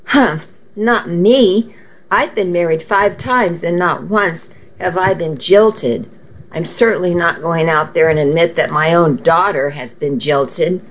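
A woman reading aloud and voicing a vain, dramatic middle-aged mother who talks in a shrill, self-pitying way, on a dull lo-fi recording. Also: a little slow, slight background noise, natural voice. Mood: indignant.

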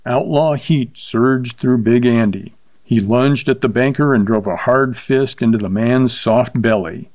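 Male audiobook narrator, measured and even, dead-dry recording. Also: medium pitch, no echo.

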